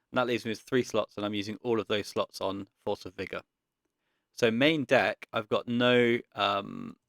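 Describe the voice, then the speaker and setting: A man giving casual gameplay commentary, thinking aloud in a relaxed way with frequent pauses and ums. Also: fairly low pitch, creaky, no echo, clean studio sound. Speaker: card game content creator.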